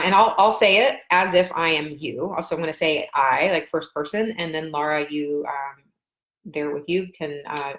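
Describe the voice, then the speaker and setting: A woman coaching a live group through a tapping session, gently encouraging them and often pausing with ums. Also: on the low side, reverberant. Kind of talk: guided tapping session over video call.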